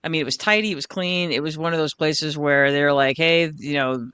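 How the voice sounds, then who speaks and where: Brief: American woman, casual podcast host, bright voice, laughs easily, swears. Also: deep voice, fairly quick, clear, resonant tone, no echo. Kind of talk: casual chat.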